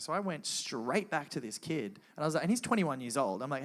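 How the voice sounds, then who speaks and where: A man's voice: a little high, quick pace, hardly any pauses. Earnest man telling his faith story. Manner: earnest storytelling, acts out his own dialogue; soft and quiet in grave parts, loud and excited in lively parts. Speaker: guest speaker at a church event. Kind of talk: personal faith testimony to a live audience.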